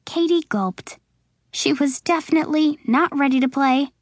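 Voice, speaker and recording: A woman reading a children's storybook aloud, slow and expressive, putting on voices for the characters. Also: sits high, dry recording, studio quality. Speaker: audiobook narrator. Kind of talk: storybook narration.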